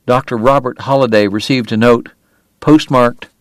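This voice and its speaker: A man reading a novel aloud as a measured, dramatic audiobook narrator. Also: medium pitch, fairly even intonation, no echo, clean studio sound. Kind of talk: scripted narration.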